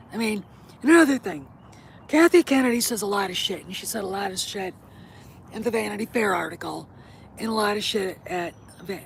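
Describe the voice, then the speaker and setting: A woman's voice: mid-range voice, creaky, slight background noise. Blunt, opinionated woman vlogger. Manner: blunt, opinionated, swears freely. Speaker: host. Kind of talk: casual vlog chat.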